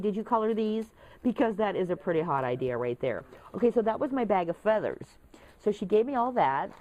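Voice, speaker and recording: A woman's voice: mid-range voice, slight background noise. A woman vlogging casually, chatty and gushing as she shows off craft supplies to her viewers. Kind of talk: casual show-and-tell vlog.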